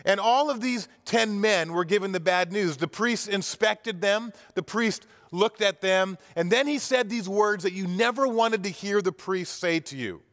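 High-voiced man preaching in a reverberant church. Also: unhurried, hardly any pauses, fairly bright tone. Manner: vivid retelling with acted-out cries and frequent restarts. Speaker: pastor. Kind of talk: sermon storytelling.

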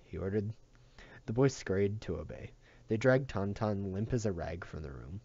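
A man reading a novel aloud in a steady, even narration. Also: on the low side, moderate pace, breathy edge, lo-fi sound. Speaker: audiobook reader.

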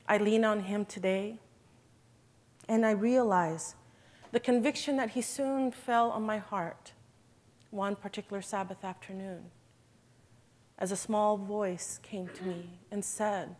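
A woman's voice: mid-range voice, measured pace, pauses often. A woman giving an emotional, earnest church testimony in an event hall, addressing listeners as brothers and sisters.

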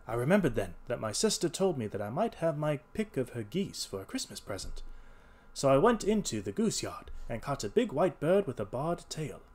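A man's voice: mid-range voice, close to an everyday voice. A man voicing a frightened young hotel thief who begs and pleads in a trembling voice. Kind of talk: read-aloud character voice.

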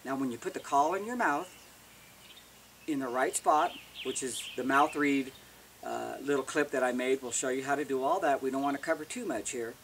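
A man's voice: medium pitch, normal speed, fairly bright tone, distant mic, a little hiss or hum. A man giving a casual, plain-spoken how-to demonstration as an elk-calling instructor, often restarting words.

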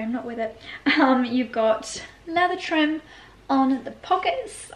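A woman's voice: a little high, slight background noise. A woman chatting in a casual, bubbly home vlog, with playful asides. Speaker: lifestyle vlogger. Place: home indoors.

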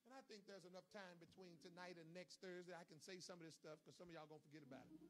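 A man preaching a sermon at a church service. He calls out to the congregation and swings between low murmurs and shouted lines. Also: fairly even intonation, fast talker.

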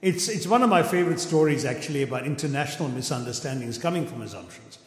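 A man's voice: medium pitch, lively intonation, fast. A middle-aged man with an Indian English accent giving an eloquent, wry public lecture, telling an anecdote to an auditorium audience. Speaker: guest lecturer. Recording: echoey auditorium with long reverb.

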